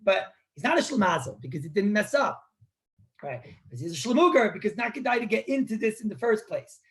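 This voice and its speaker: A man, a rabbi, teaching an informal live online class on Jewish law, talking conversationally, repeating words and often clearing his throat. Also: high-pitched, sing-song, a little fast.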